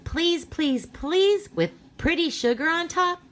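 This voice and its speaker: A woman voicing an eager young child who begs in a high, wide-eyed way. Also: lively intonation, slow, a bit bright, exaggerated voice. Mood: pleading.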